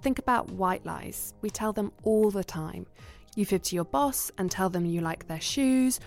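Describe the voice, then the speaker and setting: A woman co-hosting a podcast discussion, presenting in a clear, conversational way. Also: mid-range voice, animated, moderate pace, a little mellow, faint music behind. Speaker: podcast co-host.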